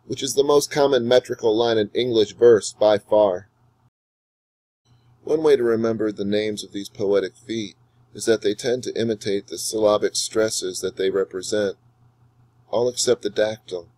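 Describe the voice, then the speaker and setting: A man with a lowish voice gives a recorded lecture on poetry, explaining meter in a measured, explanatory way. When he reads the verse he slows right down and lingers on each line. The sound is dry and close, with no room echo. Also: a little mellow. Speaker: English teacher.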